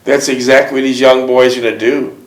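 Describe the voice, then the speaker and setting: A man's voice: mid-range voice, flat delivery, fairly quick, echoey room, low-quality recording. A male host interviewing a veteran, asking leading questions and summing up in emphatic statements. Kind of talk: interview and book reading.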